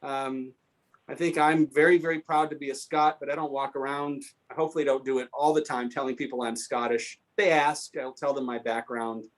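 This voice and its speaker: A man's voice: mid-range voice, fairly quick. A man telling anecdotes at a history talk, answering a question and acting out the people he quotes. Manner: animated, acts out quoted voices. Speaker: guest speaker on local history. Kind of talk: storytelling in a Q&A.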